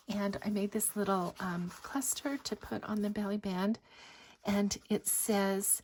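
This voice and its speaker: A woman narrating a craft journal flip-through in a gentle voice that often drops into a breathy whisper. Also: mid-range voice, fairly even intonation, a little slow. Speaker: craft designer showing a journal. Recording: faint background noise.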